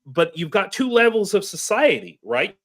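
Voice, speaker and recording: A man's voice: high-pitched, big pitch swings, moderate pace. An American man in a casual online roundtable, talking in a rambling way with restarts. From United States. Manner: rambling, many restarts and fillers. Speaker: show regular.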